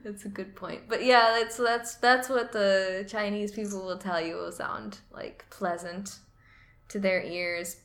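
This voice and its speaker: A woman's voice: mid-range voice, steady tone, a little slow, a bit bright. A woman co-hosting a casual chat about learning Mandarin. She is chatty and laughs often. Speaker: podcast co-host. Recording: roomy echo.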